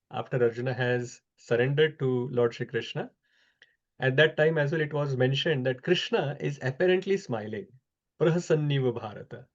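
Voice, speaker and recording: Man teaching scripture, measured. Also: medium pitch, highs cut off. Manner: measured, explanatory, frequent "uh" pauses. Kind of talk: scripture class over a video call.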